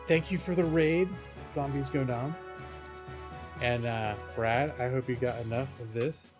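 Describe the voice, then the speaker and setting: A man's voice: mid-range voice, moderate pace. A male game streamer talks casually and rambles at a home setup late at night. He sounds self-deprecating and keeps his voice down, with faint music playing under his mid-range voice. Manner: rambling, self-deprecating, talking hushed after being shushed. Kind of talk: casual live-stream chat.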